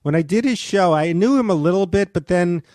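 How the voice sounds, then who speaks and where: A man's voice: high-pitched, animated, a little fast, darkish tone, dry recording, studio quality. A man guest on a comedy podcast, telling a story in a hesitant, rambling way full of restarts.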